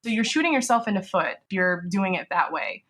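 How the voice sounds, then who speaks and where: A woman's voice: mid-range voice, sing-song, a little fast, a bit bright. A woman business lawyer, a podcast guest, explaining legal risks in a conversational way, often adding "you know" and "right?".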